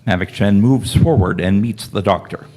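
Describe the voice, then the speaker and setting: A man narrating the stage directions of a live fan radio play in plain, steady narration. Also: lowish voice, moderate pace.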